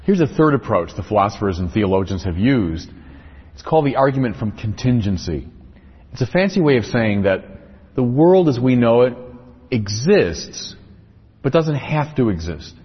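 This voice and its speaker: A man's voice: mid-range voice, slightly rough. A man giving a lecture-style religious talk, explaining his points through lists and rhetorical questions. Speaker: speaker on religion. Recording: echoey, dull lo-fi recording.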